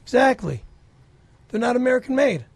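Brash, defensive Brooklyn tough guy with a shrill, swooping, gravelly voice, played by a man for a comedy podcast. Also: big pitch swings, moderate pace, heavily acted. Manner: defensive, swearing, squabbling. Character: brash foul-mouthed Italian-American man. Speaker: podcast regular. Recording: noisy background.

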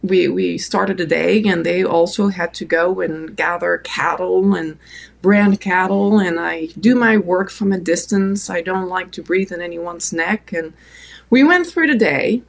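Her voice is creaky and medium in pitch. She's from France, speaks with a French accent, and as a podcast guest she tells a long, relaxed personal story with plenty of fillers.

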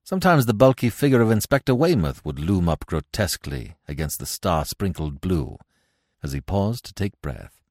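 A man giving scripted narration of a classic tale in a measured, expressive way. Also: deep voice, no room sound, clean studio sound. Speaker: audiobook narrator.

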